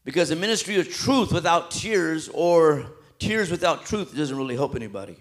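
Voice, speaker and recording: Man, preacher, slightly high-pitched, impassioned, swings loud to hushed, colloquial. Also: animated, normal speed. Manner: impassioned, swinging between loud emphatic peaks and hushed soft passages; colloquial, with repetitions and restarts. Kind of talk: sermon.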